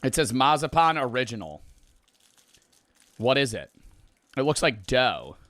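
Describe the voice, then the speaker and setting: A man's voice: mid-range voice, very animated, unhurried, a bit bright, no echo. A young man chatting on a livestream, swearing a lot and sounding exasperated while he reels from spicy food. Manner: profane, exasperated, rambling. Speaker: streamer. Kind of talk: casual livestream chat.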